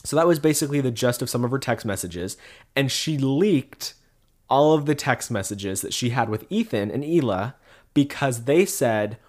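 A man's voice: medium pitch, animated, normal speed, a little mellow. Chatty man recapping online drama. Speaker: podcast co-host. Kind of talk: casual chat.

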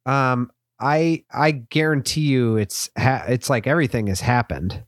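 A man's voice: mid-range voice, a little slow, no room sound, studio quality. A young man co-hosting a comedy podcast, rambling and self-deprecating, often laughing. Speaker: podcast co-host. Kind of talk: casual comedic chat.

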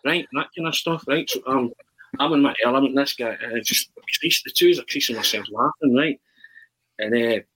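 A man's voice: medium pitch, breathy edge, rough recording. A Scottish man telling a long anecdote in casual talk, breaking into mock football commentary as he goes. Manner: animated storyteller, bursts into mock football commentary. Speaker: podcast guest. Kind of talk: casual storytelling.

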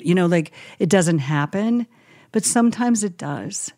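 Gentle low-voiced woman chaplain. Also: expressive, normal speed, no echo, studio quality. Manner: gentle, reflective, acts out quoted phrases softly. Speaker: hospice chaplain, co-host. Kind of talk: casual podcast chat.

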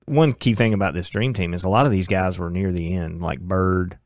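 A middle-aged man co-hosting a casual sports chat, talking in a relaxed, conversational way. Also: deep voice, a little fast, no echo, studio quality. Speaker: podcast co-host.

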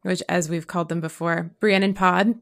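A woman co-hosting a casual podcast discussion, talking in an emotional, expressive way. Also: lowish voice, moderate pace, vocal fry. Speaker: podcast co-host. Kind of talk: casual chat.

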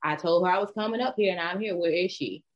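A woman's voice: on the low side, fast. A middle-aged woman co-hosting a casual chat, blunt, brash and profane. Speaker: podcast co-host. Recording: dull lo-fi sound.

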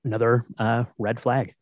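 A man co-hosting a casual film podcast, talking in a relaxed, hesitant way. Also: mid-range voice, unhurried, no echo, clean studio sound. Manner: relaxed, hesitant with fillers and soft laughs. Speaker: podcast co-host.

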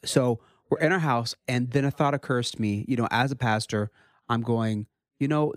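A man in his thirties, a pastor, talks through a family story in a relaxed, chatty way. His voice jumps up animatedly whenever he quotes his young sons. The sound is close and dry. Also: dry recording. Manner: animated, rises high when quoting his kids. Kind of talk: casual storytelling chat.

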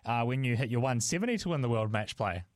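A man's voice: medium pitch, animated, fast, no room sound. Dry-sounding male radio host. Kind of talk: radio interview.

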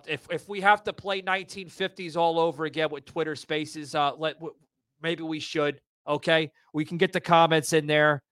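A man's voice: on the high side, a bit bright, clear, resonant tone, no echo. A man hosting a political talk show, ranting heatedly, swearing a lot and stumbling over repeated restarts. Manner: swears a lot, stammering restarts, gets fired up. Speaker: podcast host. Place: live audio room broadcast.

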